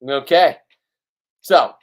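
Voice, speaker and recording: With a voice on the high side and drawn-out words, a man rambles bluntly to the camera in a casual fishing vlog, joking at his own expense.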